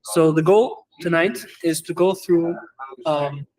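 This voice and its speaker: A rabbi in his classroom works through a legal topic for his students, moving fast and stumbling through fillers and restarts. His voice sits a little high for a man. Hebrew and Yiddish terms run all through his English. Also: crowd noise, rough recording. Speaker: rabbi teaching a Torah class. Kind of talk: lecture.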